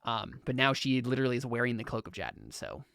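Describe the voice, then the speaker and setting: Rambling young game master, smooth voice. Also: male voice, mid-range voice, big pitch swings, fast, fairly bright tone. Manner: rambling, full of "like" and "um" restarts. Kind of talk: narrating a tabletop game.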